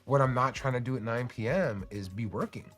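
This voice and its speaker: A man's voice: medium pitch, fairly quick, faint music behind. A man hosting a casual livestream, chatting in a rambling, joking way and swearing freely. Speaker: cannabis streamer and host.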